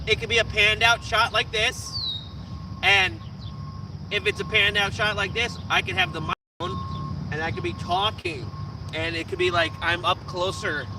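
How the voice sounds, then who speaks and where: Squeaky nasal young man vlogging. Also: lively intonation, normal speed, creaky, background noise. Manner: profane, joking, talks with teeth hidden. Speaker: vlogger streaming live. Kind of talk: casual rambling chat.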